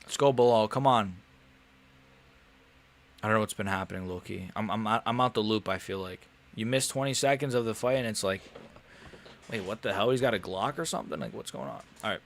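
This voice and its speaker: A man's voice: on the low side, fairly quick, gravelly, a little hiss or hum. Frustrated young male fight streamer. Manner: casual, swearing, animated and frustrated. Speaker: MMA streamer. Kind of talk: live fight commentary stream.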